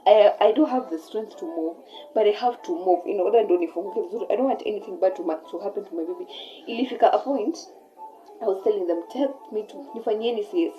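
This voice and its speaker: A young woman with a Kenyan accent telling a personal story in a casual, animated way, switching between English and Swahili mid-sentence. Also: medium pitch, fast, muffled recording, faint music behind. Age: young adult. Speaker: vlogger.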